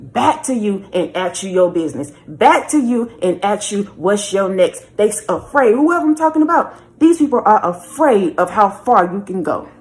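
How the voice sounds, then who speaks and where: A woman's voice: medium pitch, sing-song, normal speed, hardly any pauses. A woman giving a spiritual message reading in a repetitive, preachy way, often calling the listener baby. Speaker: spiritual reader.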